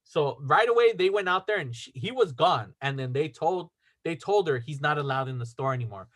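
A young man hosting a casual podcast, telling a story in an animated way, swearing and acting out quotes. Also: a little high, a little fast, dry recording. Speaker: podcast host.

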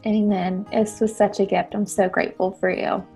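A woman's voice: medium pitch, little pitch movement, normal speed, vocal fry, warm tone, soft background music. A woman hosting a podcast, chatting bubbly and agreeable with her guest. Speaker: podcast host. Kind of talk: casual chat.

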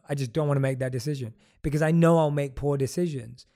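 A man with a slightly higher than usual voice, hosting a relaxed conversation. He sounds enthusiastic and affirming. He keeps coming back to the same phrases to stress his point. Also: quick pace. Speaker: podcast host. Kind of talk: casual conversation.

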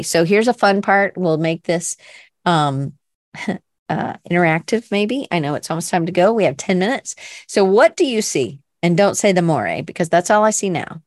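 A woman's voice: on the low side, no echo, clean studio sound. A middle-aged woman from Canada hosting a casual online art class, chatty and rambling, full of fillers and restarts. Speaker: art workshop host.

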